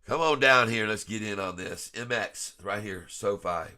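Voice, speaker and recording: Male vlogger, stuffy nose, folksy chuckling chart talk, bright forward tone. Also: on the low side, normal speed, hardly any pauses. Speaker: stock trading vlogger. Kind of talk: casual screen-share commentary.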